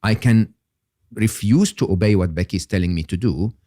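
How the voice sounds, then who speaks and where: Older guy on a podcast, lowish voice, really animated and emphatic, dead dry close mic. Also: normal speed, dry recording. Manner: animated and emphatic, with many "okay?" check-ins. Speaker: guest. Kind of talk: podcast interview.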